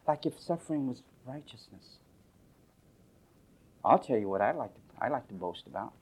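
A man's voice: animated, moderate pace, long pauses, slightly rough. Sarcastic male pastor preaching. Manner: sarcastic, mocking and storytelling; swings from loud outbursts to low asides. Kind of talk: sermon.

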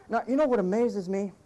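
Male pastor, sermon, emphatic and wry, swoopy lively delivery. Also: mid-range voice, background noise. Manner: emphatic, punchy short commands; wry humor, mimics whiny complainers.

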